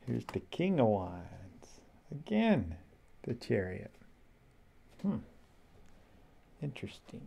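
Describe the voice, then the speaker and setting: A man slowly flipping through a tarot deck, musing aloud to himself in a casual, rambling way. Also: lowish voice, very animated, creaky, warm tone, a little hiss or hum. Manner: slow, musing, talks to himself. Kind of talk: casual flip-through commentary.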